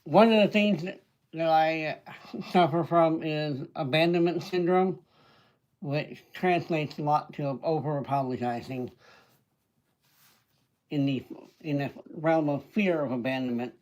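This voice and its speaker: A man hosting a casual livestream, chatting and greeting viewers by name, with hesitant fillers and frequent throat-clearing. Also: on the high side, measured pace, pauses often, darkish tone, poor audio. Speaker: livestream host.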